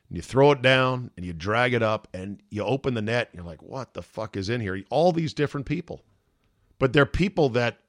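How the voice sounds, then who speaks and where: A man's voice: mid-range voice, dry recording, studio quality. A man hosting a podcast, reading out a listener email and then talking about it in a rambling, profane, emotional way. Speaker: podcast host.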